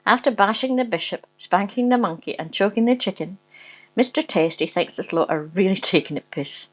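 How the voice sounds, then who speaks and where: She reads a crude comic story aloud briskly, with a medium-pitched voice and lively intonation, on a low-quality recording. Giggly throughout, she frequently bursts out laughing while reading.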